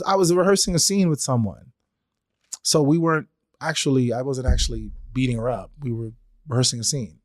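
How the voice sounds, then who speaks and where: A man's voice: mid-range voice, fairly quick, dry recording, studio quality. Man musing on a solo podcast. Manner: conversational, acts out quoted exchanges in changing voices. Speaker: podcast host.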